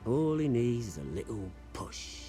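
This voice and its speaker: An actor playing a scheming, theatrical young street tough in a video game. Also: male voice, mid-range voice, expressive, measured pace, warm tone, natural voice. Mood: bitter. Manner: theatrical, swaggering, sudden outbursts. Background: music.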